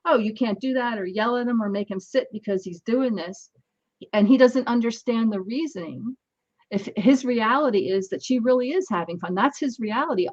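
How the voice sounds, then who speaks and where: A woman spins parenting anecdotes in a relaxed interview. She jumps into the voices of the people in her stories. The sound is a bit dull and muffled. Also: fairly high pitch, moderate pace. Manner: animated anecdotes, acts out dialogue. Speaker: guest, energy healer. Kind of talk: casual storytelling in an interview.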